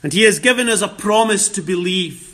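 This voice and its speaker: A man's voice: sits high, fairly quick, sharp tone. A male preacher delivering a sermon, quoting scripture and stressing key phrases through emphatic repetition.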